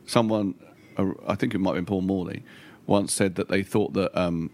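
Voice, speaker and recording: Deep-voiced man, rambling. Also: steady tone, moderate pace, darkish tone. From London. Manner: rambling, self-deprecating, swears casually. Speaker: comedian and writer, interview guest. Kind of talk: casual interview chat.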